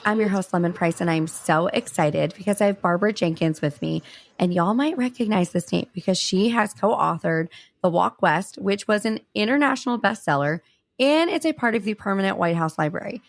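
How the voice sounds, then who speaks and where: A woman hosting a podcast, introducing her guest with excitable, gushing chat and calling her listeners y'all. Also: medium pitch, brisk, soft background music. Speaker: podcast host. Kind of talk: casual chat.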